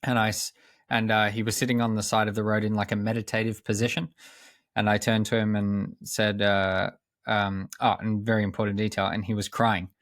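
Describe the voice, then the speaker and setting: A young man, a coach and podcast guest, telling a personal story in a measured, earnest way with pauses and restarts. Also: lowish voice, little pitch movement, a bit bright, dry recording, clean studio sound.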